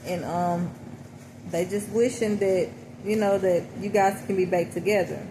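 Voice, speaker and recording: Woman explaining song lyrics, flat steady voice, kinda noisy recording. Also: medium pitch, a little slow. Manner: reflective, repeats "okay?" and "you know". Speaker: spiritual reader interpreting song lyrics. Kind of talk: casual spoken reading. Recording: noticeable background noise.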